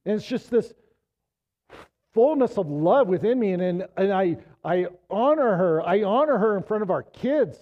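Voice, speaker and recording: A man in his fifties, a pastor preaching a sermon in a casual, conversational way, swinging from loud emphasis to low, quiet appeals. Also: animated, normal speed, highs cut off.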